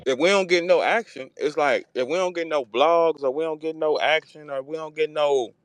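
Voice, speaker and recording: A man hosting a casual battle rap talk space, profane and animated, slipping into mocking voices when he quotes people. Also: fairly high pitch, moderate pace, clean tone, no echo. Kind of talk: casual chat. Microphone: online audio room.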